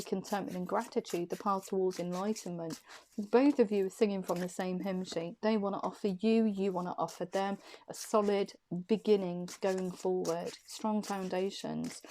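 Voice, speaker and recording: A woman with a warm, mellow voice at a middling pitch for a woman gives an intuitive tarot reading to the viewer. She interprets each card loosely, thinking aloud as she goes.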